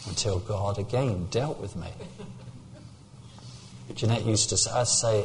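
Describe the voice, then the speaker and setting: An older man from England delivers a sermon in a somewhat low voice. He tells personal stories and climbs to loud, fervent peaks. A faint hiss of noise sits under the recording. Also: measured pace, long pauses. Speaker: preacher.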